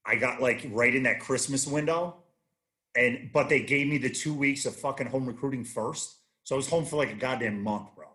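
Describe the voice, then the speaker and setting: A man's voice: mid-range voice, normal speed, bright, forceful tone. A man in his thirties, a guest on a casual chat show, telling rambling, profane stories with many restarts. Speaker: podcast guest, army veteran.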